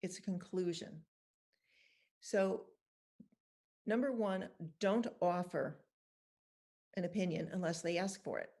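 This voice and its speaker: A woman's voice: fairly low pitch, takes it slowly, pauses often, mellow. A middle-aged woman guest patiently explaining, step by step, how to handle judgment. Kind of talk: calm guided instruction and anecdotes.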